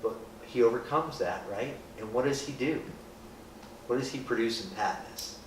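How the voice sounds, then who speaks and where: A man's voice: mid-range voice, normal speed. A man giving an informal, joking Bible talk to a group, often asking "right?" and acting out people's reactions. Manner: conversational, asks rhetorical questions, often adds "right?"; jokey, acts out people's reactions. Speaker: speaker leading a group. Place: echoey room with a group. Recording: roomy, distant, faint hiss.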